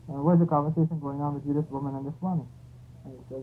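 A man's voice: a little high, fast. A man telling a spoken anecdote in a rambling, conversational way, often restarting his sentences. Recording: tinny phone-like audio with faint noise.

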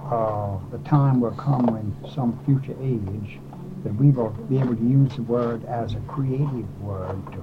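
Man, audience questioner, hesitant and halting, thin tinny sound, clear hiss, distant from the mic. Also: medium pitch. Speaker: audience member asking questions.

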